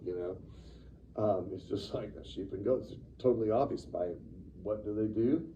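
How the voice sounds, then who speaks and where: Distant dark-voiced man teaching Bible class. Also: lowish voice, unhurried, long pauses. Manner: animated, conversational, acts out quotes with sudden loud bursts. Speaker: Sunday school teacher. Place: church classroom. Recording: distant, dull room recording with faint noise.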